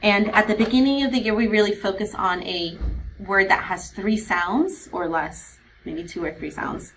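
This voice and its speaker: Woman, kindergarten teacher, patient explainer, slows to model sounds, faint background hiss. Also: medium pitch, fairly bright tone, rough recording. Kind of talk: instructional video for parents.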